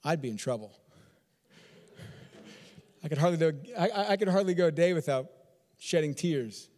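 A pastor from Texas preaching a sermon, driving points home with repeated phrases and rhetorical questions. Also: male voice, a little high, expressive, moderate pace, darkish tone, in a large hall. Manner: repetitive, emphatic rhetorical questions.

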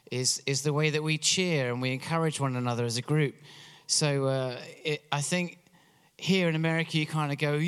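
Chatty English worship leader in reverb. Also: male voice, fairly high pitch, smooth. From England. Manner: chatty, joking, encouraging crowd. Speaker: worship director. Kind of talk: church message. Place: church hall. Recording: long hall reverb.

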